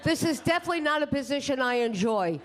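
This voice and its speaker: A woman's voice: sits high, animated, quick pace, noisy background. Bubbly woman opening a stand-up set. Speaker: stand-up comedian. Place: comedy club stage.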